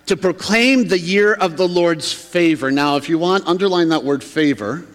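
A man's voice: a little high, normal speed. A man preaching a sermon as a pastor, in a conversational way that acts out the reactions of the townsfolk. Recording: long reverb of a large hall.

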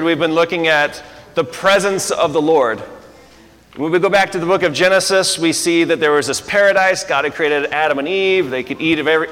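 A man's voice: a little high, a bit bright. A man preaches a sermon with a slightly raised voice. His words ring out in a hall with a long reverb tail. He moves from light storytelling to earnest teaching. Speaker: pastor. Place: air-conditioned church hall.

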